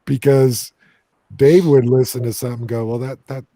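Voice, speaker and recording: A man's voice: mid-range voice, fairly even intonation, normal speed, mellow, no echo. An American man hosting a casual paranormal discussion on a video call, joking and teasing his co-hosts. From United States. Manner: playful, teasing banter. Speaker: paranormal investigator and host. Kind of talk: casual group chat.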